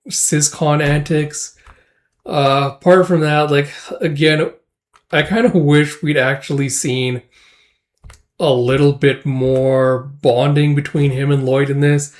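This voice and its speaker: Casual male reviewer, slightly high voice, rambling chapter commentary with lots of fillers. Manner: rambling, heavy filler words, loose run-on sentences.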